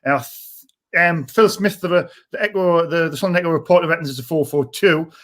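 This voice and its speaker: A man's voice: a little high, a bit bright. A man opening a fan live stream and chatting loosely, reading out a team list. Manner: loose, halting, reads lists out plainly. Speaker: host. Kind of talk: casual live-stream chat.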